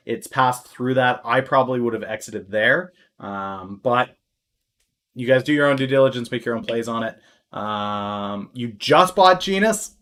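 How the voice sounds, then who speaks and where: A man doing live-stream stock market commentary, thinking aloud with lots of fillers and breaking into loud, exaggerated alarm and crude jokes. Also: mid-range voice. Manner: crude joking asides.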